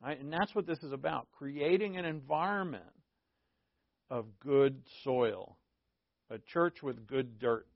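A man's voice: mid-range voice, measured pace, vocal fry, dry recording. A man preaching as a pastor in informal Bible teaching, conversational and joking, often checking in with his listeners. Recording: dull lo-fi dry recording.

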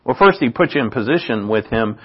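A male preacher with a husky mid-range voice talks fairly quickly, his intonation lively. He delivers an informal, chatty sermon in a dull lo-fi recording, repeatedly asking "right?" and laughing at his own asides.

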